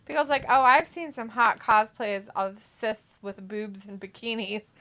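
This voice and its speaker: A woman's voice: fairly high pitch, measured pace, bright, forceful tone. A woman co-hosting a casual watch-along livestream, reading viewer comments aloud with a playful, giggly manner and loose swearing. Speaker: livestream co-host.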